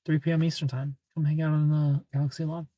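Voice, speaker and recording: A man's voice: fairly high pitch, level tone, fast, mellow, no echo. A man from Ohio hosting a live stream, chatting casually, greeting viewers by name and laughing often.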